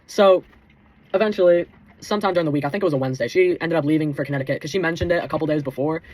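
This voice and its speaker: A man's voice: fairly high pitch, very fast, darkish tone, no room sound. A teenage boy telling a heated storytime rant, swearing constantly and calling the listener bro and dude. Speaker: vlogger.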